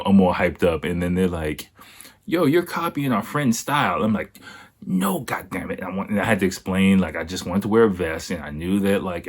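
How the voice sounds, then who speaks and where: A young man hosting a podcast, telling a story casually with frequent laughter and acted-out voices. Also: sits low. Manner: laughs often, animated, acts out voices. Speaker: podcast host.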